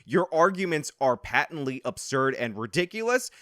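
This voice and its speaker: A man's voice: on the high side, big pitch swings, moderate pace, fairly bright tone, no echo, studio quality. A man hosting reaction commentary, combative and sarcastic as he lectures. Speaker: political commentary host.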